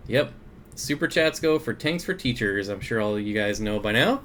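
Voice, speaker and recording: A man's voice: on the low side, expressive, moderate pace, a bit bright, a little hiss or hum. Chatty man hosting an aquarium livestream. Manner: chatty, greets viewers by name, chuckles often. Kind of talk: casual live chat reading viewer comments. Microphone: desk mic.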